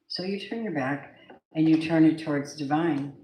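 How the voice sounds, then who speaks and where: A woman's voice: low-pitched, normal speed, mellow, echoey room, slight background noise, low-quality recording. A woman doing a live tarot reading, gushing over her viewers and swearing now and then. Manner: effusive, gushing address to viewers, occasional swearing. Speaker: tarot reader.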